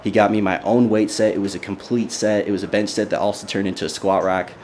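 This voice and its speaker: A man's voice: fairly low pitch, steady tone, quick pace, darkish tone, a little hiss or hum. A young man, a bodybuilder, telling his personal story in a casual, earnest way with many fillers. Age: young adult. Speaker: bodybuilder interviewee.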